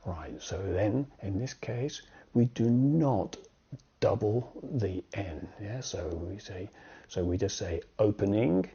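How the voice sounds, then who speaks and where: A man teaching grammar in a slow, deliberate way, often checking in with "okay?" and "yeah?". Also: fairly low pitch, lively intonation, mellow, husky. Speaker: English teacher. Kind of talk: grammar lesson with acted example sentences. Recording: dull lo-fi sound.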